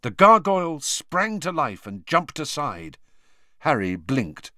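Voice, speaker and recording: Male audiobook reader, lively intonation, close dry sound. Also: a little high, slow, no room sound. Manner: expressive reading. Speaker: audiobook narrator. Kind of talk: scripted storybook narration.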